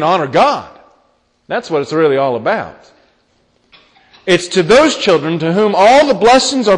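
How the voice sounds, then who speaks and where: Man, young, pastor, sermon, high voice, earnest, repeats key lines, church hall reverb. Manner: earnest preaching, repeats key phrases, poses questions to the congregation.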